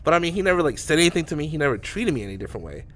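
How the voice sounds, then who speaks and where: A man's voice: fairly high pitch, sing-song, racing, a bit bright. A man co-hosting a podcast, telling a story in a rambling way with many restarts. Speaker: podcast co-host. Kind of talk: casual storytelling.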